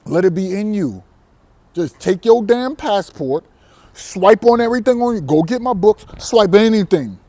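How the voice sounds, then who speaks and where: A man's voice: sits high, lively intonation, normal speed, warm tone, dry recording. A man vlogging a brash, defiant monologue to camera, boastful and profane, often breaking into laughter. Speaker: vlogger on dating abroad.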